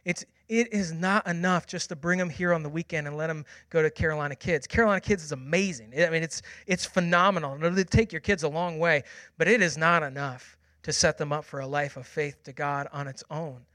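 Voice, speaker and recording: A man in his thirties preaching a sermon, telling a personal family story and moving from hushed, quiet passages to loud, excited ones. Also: a little high, brisk, no echo. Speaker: pastor.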